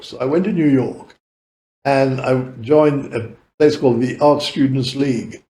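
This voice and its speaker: A British man in his eighties, appearing as a podcast guest, tells long, rambling anecdotes, laughing often and swearing casually. His voice is medium in pitch and darkish in tone, with a moderate pace, in an echoey room.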